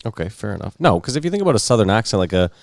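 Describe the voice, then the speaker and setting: A man's voice: lowish voice, very animated, rapid-fire, gravelly, no echo, studio quality. A man co-hosting a podcast, chatting casually with friends in a loose, jokey way and swearing freely. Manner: loose, profane, jokey banter. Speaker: podcast co-host. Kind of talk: casual chat.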